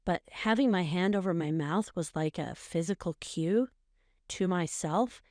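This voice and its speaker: A woman's voice: lowish voice, a little slow, darkish tone, no room sound, studio quality. A middle-aged woman co-hosting a podcast, giving earnest, coaching advice in a casual chat and repeating phrases for emphasis. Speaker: podcast co-host, mother.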